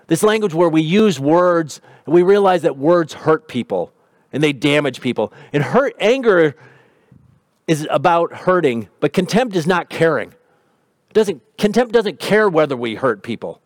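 A man's voice: fairly high pitch, no room sound, clean studio sound. A man preaching a sermon in an earnest, conversational way. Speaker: pastor.

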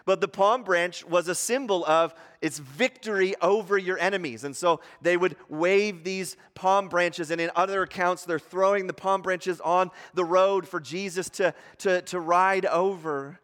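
A man preaching a sermon as pastor, talking in a conversational way with fillers and restarts, rising in pitch and volume when he acts out the crowd. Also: a little slow, hardly any pauses, long reverb tail. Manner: grows louder and higher when acting out the crowd.

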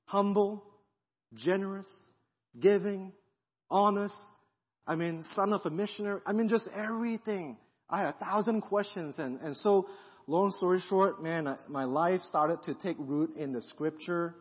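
A fairly high, husky male voice delivering a lively sermon testimony, acting out his own past thoughts as he tells the story. The sound is a bit dull and rings out with the long reverb of a large church hall. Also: measured pace. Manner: animated storytelling, acts out quoted thoughts. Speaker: guest pastor.

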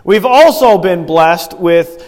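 A man with a fairly high voice preaches in a casual, story-driven way, often turning to his listeners with a question. His voice carries a long reverb tail from a church hall. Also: lively intonation, slow pace, a little mellow. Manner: conversational storytelling with rhetorical questions to the congregation. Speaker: pastor. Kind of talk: sermon.

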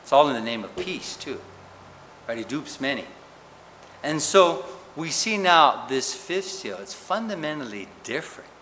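A man preaching a sermon in an animated, questioning way, often checking in with "right?". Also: fairly high pitch, a little slow. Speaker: pastor. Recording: reverberant hall with faint noise.

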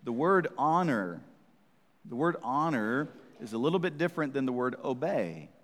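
A pastor delivering a sermon in an easygoing, conversational way, teasing his listeners and checking in with them often. His voice sits at an average pitch for a man. The church hall gives it a long, ringing reverb. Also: sing-song, normal speed, a bit bright. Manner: conversational, teasing, frequent "right?" check-ins.

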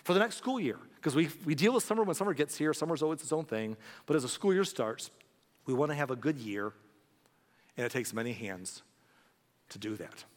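Speaking quickly and expressively in a voice on the high side, a pastor earnestly pleads with his congregation during a sermon. The church sanctuary gives his voice a long, echoing reverb.

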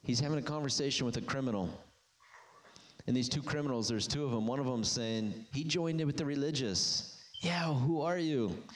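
A man delivering a sermon, reading scripture in a steady middle register. When he presses a point, his voice climbs high and carries with force. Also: brisk. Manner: emphatic, rising to near-shouted peaks when stirred. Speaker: preacher.

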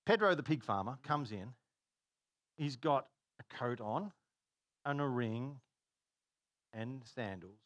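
A man preaching a sermon, telling stories in an animated way and laughing at his own jokes. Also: medium pitch, takes it slowly, long pauses, no room sound. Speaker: pastor.

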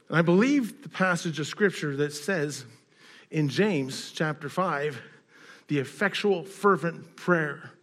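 A man giving a sermon, telling a story with many fillers and restarts, getting louder and higher in dramatic parts and dropping quiet when reflecting. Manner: storytelling, rising loud and high in quoted scenes, dropping quiet in reflection. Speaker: pastor.

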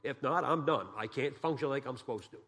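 A man's voice: mid-range voice, fairly quick, fairly bright tone. A man from Massachusetts giving a guest sermon as a pastor, telling folksy, joking stories and asking the congregation questions.

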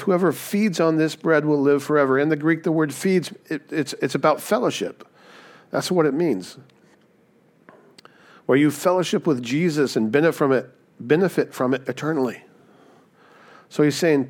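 A man's voice: on the high side, darkish tone. A man preaching a conversational sermon, often checking in with "right?". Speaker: pastor. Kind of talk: sermon teaching.

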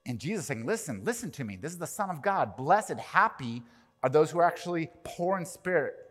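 A man preaching a sermon as pastor, animated, swinging from quiet to loud and acting out quoted prayers. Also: on the high side, fairly quick. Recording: long reverb of a large hall.

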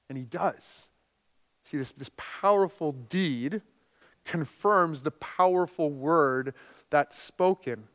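A man preaching a sermon as pastor, animated, swinging between loud bursts and quiet asides. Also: on the high side, takes it slowly, long reverb tail.

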